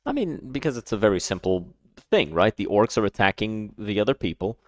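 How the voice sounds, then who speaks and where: A man with a lowish voice talks through a reaction in a casual, emphatic way. He piles up repeated words and restarts his sentences as he argues. The sound is close and dry, with no room around it. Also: sing-song, fairly quick, no room sound. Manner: emphatic, repeats himself, stammers restarts when worked up. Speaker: streamer reacting to a video.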